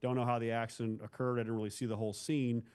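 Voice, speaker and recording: A man's voice: medium pitch, little pitch movement, very fast, a little mellow, clean tone. A man from Northeast Ohio, a former police officer, telling a hard story from his career in a candid, blunt, casual way as an interview guest. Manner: candid, blunt, calls the host bro.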